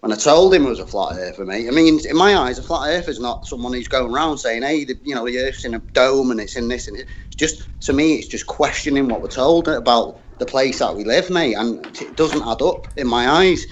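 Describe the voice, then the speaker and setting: A man's voice: medium pitch, expressive, brisk, hardly any pauses, lo-fi sound, a little hiss or hum. A man chatting bluntly on an online panel, saying "mate" constantly. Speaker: panel guest. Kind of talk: casual online panel chat.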